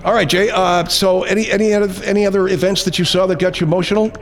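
A man's voice: sits high, steady tone, quick pace. A man hosting a comedy radio segment, needling his guest with dry, mock-serious remarks. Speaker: radio host.

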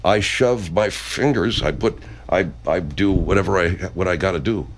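A man in an improvised comedy sketch, speaking in a solemn, earnest and halting way. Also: deep voice, a little hiss or hum.

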